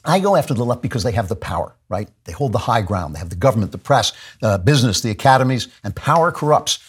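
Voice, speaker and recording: A husky-voiced man hosting a talk show, pouring out an intense, impassioned monologue. He talks in repetitive bursts, restarting sentences and stumbling over words as he presses his point. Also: medium pitch, big pitch swings, fast talker. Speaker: political talk show host.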